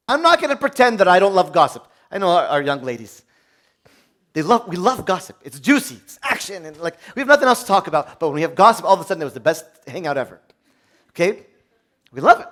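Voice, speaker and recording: Animated, lively-pitched preaching priest. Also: male voice, quick pace. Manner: animated preaching, swings from hushed prayer to loud exclamation; conversational, asks the audience questions. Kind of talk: sermon.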